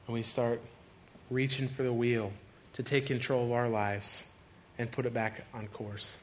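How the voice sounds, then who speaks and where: Male pastor, mid-pitched voice, lively sermon delivery, faint noise underneath. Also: unhurried. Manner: animated preaching with cries to God.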